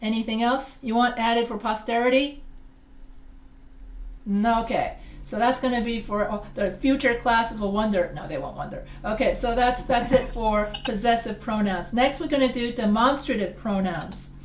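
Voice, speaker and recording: A woman's voice: on the high side, moderate pace, reverberant, slight background noise. Playful woman teaching a grammar class. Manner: playful, chatty teacher asking the class questions. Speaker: writing instructor.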